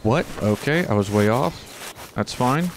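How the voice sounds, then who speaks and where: A man's voice: mid-range voice, expressive, unhurried, noisy background. A man casually commenting on his own gameplay as he hunts, chatting to the animals on screen and using mild exclamations. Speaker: gaming channel host.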